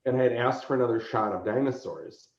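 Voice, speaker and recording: A man telling convention stories in casual chat, lively and laughing, acting out quotes. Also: medium pitch, quick pace. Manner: animated, laughing, acts out quoted voices. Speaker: convention organizer, podcast guest. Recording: roomy, dull lo-fi sound.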